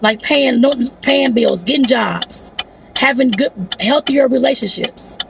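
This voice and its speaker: Gravelly, blunt-spoken woman vlogger. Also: sits high, unhurried, noisy background. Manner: blunt, outspoken, addresses viewers as y'all. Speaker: vlogger giving life advice. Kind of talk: casual talking-head vlog. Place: inside a car.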